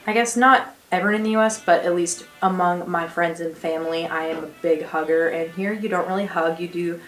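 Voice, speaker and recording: A young woman from the United States chatting casually and cheerfully to her camera in a small attic bedroom, with quick laughs. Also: on the low side, roomy sound. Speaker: exchange student vlogger. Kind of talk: casual vlog chat. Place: small attic bedroom with slanted ceiling and beams.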